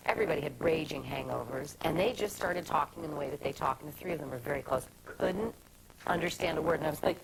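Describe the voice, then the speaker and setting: A woman, a talk show guest telling lively anecdotes and acting out quotes. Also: low voice, creaky, a crowd in the background, low-quality recording. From Kentucky. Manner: lively, quick storyteller who acts out quotes.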